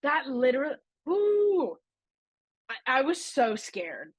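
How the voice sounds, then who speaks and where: A woman with a bright, high-set voice co-hosts a casual podcast, gushing excitedly as she tells her stories. Her voice is recorded close and dry, with no room sound. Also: normal speed, no echo. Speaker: podcast co-host. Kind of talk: casual podcast chat, ranking attractions.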